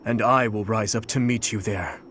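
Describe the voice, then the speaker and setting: An actor voicing a solemn young adult prince in a video game, speaking earnestly. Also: male voice, lowish voice, steady tone, moderate pace, a bit bright, slight background noise, lightly acted.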